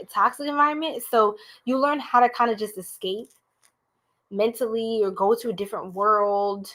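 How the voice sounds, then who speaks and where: A young American woman giving a live-streamed tarot reading, talking chattily and straight to her viewers. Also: medium pitch. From United States. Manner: chatty, animated, talks straight to viewers as y'all. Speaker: tarot reader.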